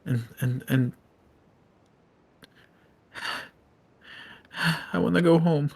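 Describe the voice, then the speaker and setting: A man's voice: drawn-out words, vocal fry, breathy edge, heavily acted. A man putting on a scared little girl. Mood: frightened, stammering. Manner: high, stammering, pleading child voice. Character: frightened little girl, a woodcutter's daughter.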